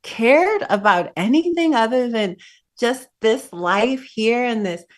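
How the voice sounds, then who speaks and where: A woman's voice: a little high, expressive, takes it slowly. A woman voicing a compassionate male god, anxious and heartfelt as he watches a struggling bird.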